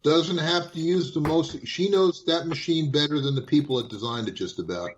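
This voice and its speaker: A man telling hobby stories in casual chat, lively and full of restarts. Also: fairly high pitch, normal speed, lo-fi sound, slight background noise. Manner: animated, repeats and restarts phrases. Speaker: guest. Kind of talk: casual storytelling.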